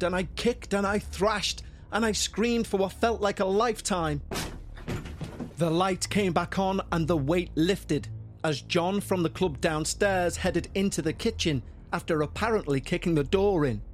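A man reads a first-person horror account in a fairly high voice, with soft music running underneath. His delivery stays tense and measured, and his pitch climbs when the story grows frightening. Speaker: narrator. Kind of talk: scripted horror narration.

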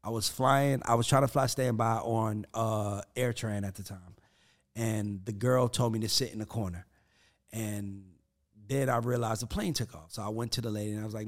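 A man's voice: on the low side, fairly quick. A man talking casually as a podcast guest, telling stories with energy, acting out the quotes and cursing freely. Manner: animated storyteller who acts out quotes, curses freely.

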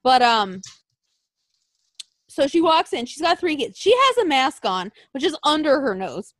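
Female co-host, high voice, loose profane storyteller, dry room. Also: measured pace, no echo. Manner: profane, rambling and animated storytelling. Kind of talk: casual chat.

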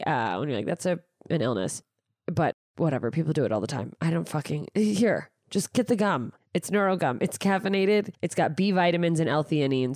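Through a studio microphone with no echo, a stand-up comedian with a low, slightly mellow voice hosts her own podcast at studio quality. She chats in a rambling, casual way about plugs and tour dates, cursing freely and running herself down.

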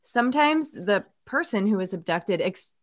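A woman chatting casually on a podcast, cutting in with quick teasing remarks. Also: mid-range voice, lively intonation. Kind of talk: casual chat.

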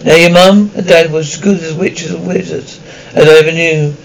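A man voicing a huge, gruff but kindly male giant groundskeeper in an audiobook, speaking in a rambling, folksy way with halting restarts. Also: a little high, steady tone, a little hiss or hum, lightly acted, low-quality recording. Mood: grave. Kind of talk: audiobook character reading.

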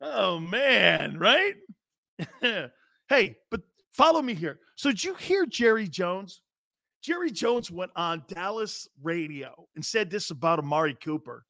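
Male sports show host, brash, animated, high-pitched, dry close sound. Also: takes it slowly, creaky, pauses often, no room sound. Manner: brash, animated, talks straight to viewers. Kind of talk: casual sports talk rant.

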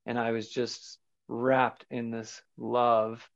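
Creaky-voiced man telling his story. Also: mid-range voice, flat delivery, slow, no echo. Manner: earnest, searching, loose with fillers. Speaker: podcast guest. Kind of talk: personal storytelling in an interview. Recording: dull lo-fi sound.

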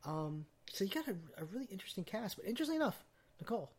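Chatty husky-voiced man talking movies. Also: high-pitched, big pitch swings, rapid-fire. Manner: chatty, trivia-filled, many ums. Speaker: podcast host. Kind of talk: casual movie chat.

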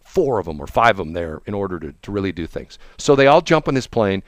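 A man's voice: sing-song, quick pace, no room sound. A man in casual political chat, mocking and laughing often as he tells a story. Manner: chatty, mocking, laughs often, mimics people in high voices. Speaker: co-host.

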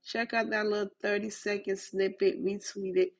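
A woman's voice: medium pitch, level tone, normal speed. A woman hosting a podcast, talking casually and speaking straight to her listeners. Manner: chatty, addresses listeners directly. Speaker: podcast host.

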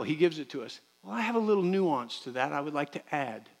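A middle-aged man preaching a sermon as pastor in a church. He moves between quiet, close talk and loud, impassioned preaching, acting out the voices of people and of God. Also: a little high, big pitch swings, fairly quick, creaky. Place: church sanctuary.

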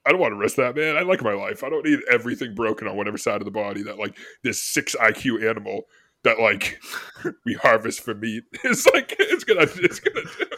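A man's voice: on the low side, brisk, sharp tone, no room sound, studio quality. A man telling a funny story on a casual podcast, laughing often as he talks. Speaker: podcast co-host.

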